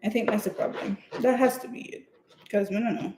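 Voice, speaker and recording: Her pitch is medium and fairly even, her pace fairly quick, her tone a little mellow. She's a home cook vlogger baking in her kitchen on a live stream, chatting and spinning rambling stories with laughter. The recording sounds echoey, with faint noise.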